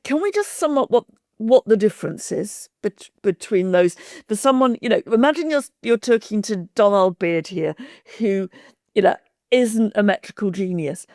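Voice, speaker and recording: Woman, podcast host, thoughtful questioner, mid pitch, dry room. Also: lively intonation, moderate pace, darkish tone, dry recording. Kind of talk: interview conversation.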